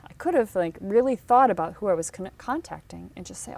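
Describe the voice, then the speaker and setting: A woman teaching career advice in casual talk, telling stories with animated delivery and acting out the people she quotes. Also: on the high side, fairly quick, gravelly, few pauses, slight background noise. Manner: animated storytelling, acts out quotes.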